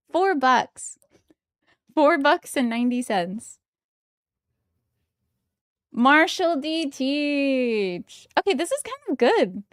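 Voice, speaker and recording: A young woman streaming from home, chatting casually and giggling excitedly as she opens trading cards. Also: sits high, no echo, studio quality. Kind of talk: casual live-stream chat while opening trading cards.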